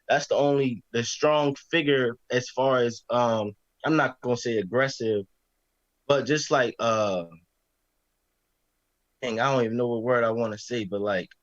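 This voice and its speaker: A man's voice: mid-range voice, a little slow, dry recording, dull audio. A young man in casual chat, hesitant and searching for words.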